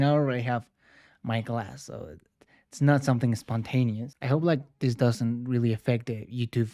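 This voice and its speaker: A man's voice: medium pitch, darkish tone. A man from Mexico, talking English in a loose, rambling way full of filler words and slang as he hosts a reaction video. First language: Spanish. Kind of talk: casual reaction commentary.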